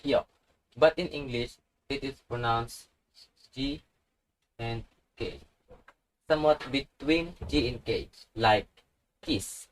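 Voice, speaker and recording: A man speaking at an unhurried, very slow pace as he walks through letter sounds one by one. His pitch sits in a middle range, and he repeats each sound patiently with example words. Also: low-quality recording. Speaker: language teacher. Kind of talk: slow instructional tutorial.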